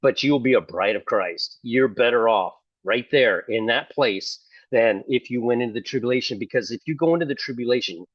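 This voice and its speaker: A man's voice: mid-range voice, fairly quick, few pauses, dry recording. Older guy preaching online, sarcastic, mocks people, dull muffled audio. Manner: sarcastic, mimics opponents in mock voices. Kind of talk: casual preaching to camera.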